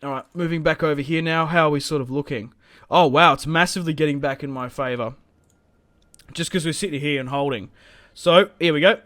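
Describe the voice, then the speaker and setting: A young man narrating a strategy game as he plays, with a slightly high voice. He thinks aloud, full of fillers, and gets excited when the battle turns. The tone stays casual and talkative throughout. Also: no room sound, studio quality. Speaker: gaming channel host. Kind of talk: live strategy game commentary.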